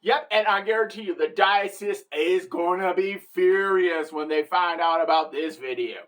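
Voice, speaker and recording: A woman's voice: fairly low pitch, a bit bright. A woman giving an irreverent, wisecracking satirical comedy monologue, bragging and joking about the church.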